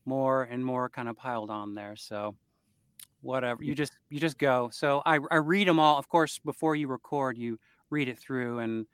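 An easygoing man who narrates audiobooks chats as a guest in a relaxed interview. He rambles a little with fillers, laughs often, and speaks at a middle pitch. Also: normal speed, clean tone, dry recording. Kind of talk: casual interview chat.

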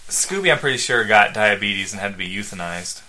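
Lively, bright-toned man joking around. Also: fairly low pitch, fairly quick, poor audio. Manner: goofy, deadpan absurd answers. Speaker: podcast co-host. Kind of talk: casual comedic banter.

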